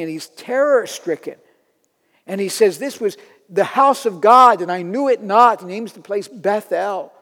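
A man preaching a sermon in an earnest way, building to loud emphatic peaks. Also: high voice, big-room sound.

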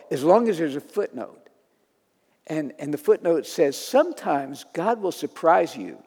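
A man's voice: on the high side, a little mellow. A man preaching a sermon in a conversational, storytelling manner, acting out quotes as he goes. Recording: long reverb of a large hall.

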